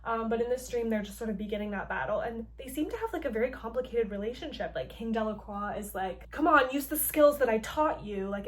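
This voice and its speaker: Chatty woman with a slightly high voice. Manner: chatty, filler-heavy, playful asides. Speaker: host. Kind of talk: casual story recap.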